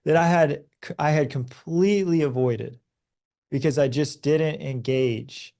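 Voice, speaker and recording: A man in his thirties, a podcast guest, talking earnestly and telling stories in a relaxed conversation. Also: a little high, measured pace, vocal fry. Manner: earnest, storytelling, animated when recounting events. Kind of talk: conversational advice talk.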